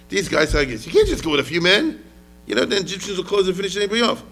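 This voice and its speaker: A man's voice: high voice, big pitch swings, racing, fairly bright tone. A man lecturing on history as a rabbi, talking casually, often asking the audience questions and mixing in Hebrew words.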